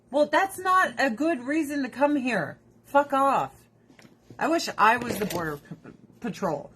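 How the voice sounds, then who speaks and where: Woman, fairly high voice, casual skincare chat, swears a lot, laughs often, rambling and opinionated. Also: animated, normal speed, a bit bright, breathy edge. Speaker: direct seller of skincare products.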